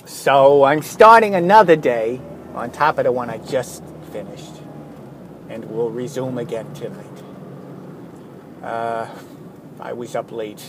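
A man's voice: medium pitch, takes it slowly, pauses often. A tired man rambling casually through a vlog, wandering off on self-mocking tangents. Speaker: vlogger. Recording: steady traffic noise behind.

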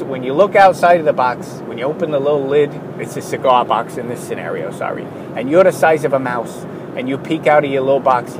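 Worked-up man ranting over background hum. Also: medium pitch. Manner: worked-up, ranting, self-interrupting. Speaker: podcast host. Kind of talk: solo podcast monologue.

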